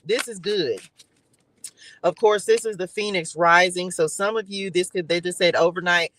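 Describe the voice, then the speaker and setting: A man giving a live tarot reading to his chat, excitable and chatty, with preacherly faith-filled encouragement. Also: sits high, normal speed, low-quality recording. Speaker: tarot reader.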